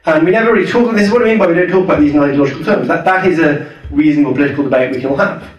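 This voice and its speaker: A man's voice: fairly high pitch, very fast, lo-fi sound. Scottish-born guy chatting through a rally talk, far from the mic, big echoey room. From Scotland. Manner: thoughtful, conversational, many restarts and "you know"s. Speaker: guest speaker. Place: hall at a public event.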